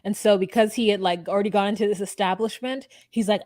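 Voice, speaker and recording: Young female co-host, easygoing mid-pitch voice, dry close mic, relaxed chatty recap. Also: fast, no echo. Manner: laid-back, laughs often, mimics people in quotes. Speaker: podcast co-host. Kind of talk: casual reality-TV recap chat.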